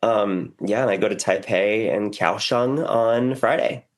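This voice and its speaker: Hoarse young American man, low voice. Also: unhurried. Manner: animated, chatty. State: hoarse from a cough. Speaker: podcast co-host. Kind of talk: casual chat.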